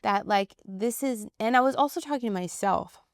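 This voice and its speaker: Actress guest, woman, lively and chatty, clean dry studio voice. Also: on the high side, moderate pace, no echo. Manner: animated, chatty, laughs easily. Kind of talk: casual interview chat.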